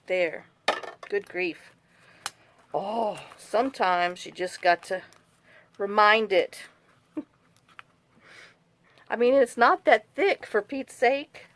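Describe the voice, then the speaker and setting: A craft vlogger chats casually while making a journal, rambling through stories and complaints. Her voice is medium in pitch and a bit bright, and she speaks slowly with long pauses.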